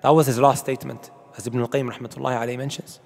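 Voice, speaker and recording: Racing through his sermon, this Islamic preacher speaks in a mid-range, level voice that is a little mellow, with some vocal fry. He addresses his audience emphatically, with rhetorical questions and Arabic quotations, and the sound trails off in a long reverb tail.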